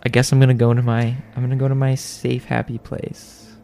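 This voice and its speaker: Gravelly-voiced man playing a tabletop game. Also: medium pitch, flat delivery, a little fast, a crowd in the background. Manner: laid-back, joking. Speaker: player. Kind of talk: casual chat.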